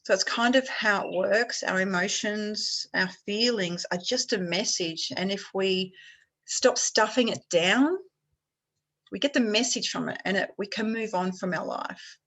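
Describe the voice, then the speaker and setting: A woman's voice: medium pitch, a little slow, a bit bright, low-quality recording. A woman leading a health workshop on a video call, talking in a casual, encouraging way.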